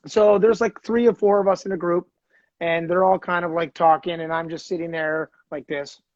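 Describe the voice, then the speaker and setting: Podcast host from Canada, lively anecdote style, fairly high voice, dull dry audio. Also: male voice, moderate pace, no echo. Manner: animated storyteller, acts out quoted voices. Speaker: podcast host, former hockey player. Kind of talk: casual storytelling chat.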